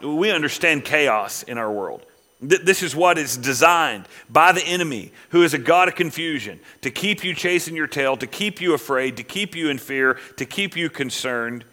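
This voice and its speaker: A middle-aged man preaching a sermon, rising loud when he quotes scripture and dropping to quiet asides. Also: on the high side, lively intonation, moderate pace. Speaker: pastor.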